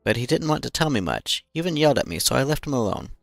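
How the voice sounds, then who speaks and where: A man's voice: medium pitch, big pitch swings, racing, creaky, no echo, studio quality, soft background music. A man voicing a curious little girl, reading her diary in a raised, lighter voice. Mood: puzzled.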